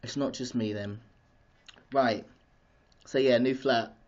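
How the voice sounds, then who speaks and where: Excitable man on a dull live stream. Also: mid-range voice, slow pace. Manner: excitable, chatty, greets viewers and goes off topic. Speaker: vlogger hosting a live stream. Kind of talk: casual live-stream chat. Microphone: streaming device mic.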